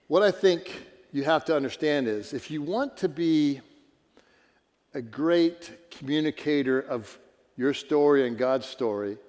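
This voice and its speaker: A man's voice: medium pitch, darkish tone. A man preaching a sermon as a pastor in a church, earnest and conversational, asking his listeners questions. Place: church sanctuary. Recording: church hall reverb.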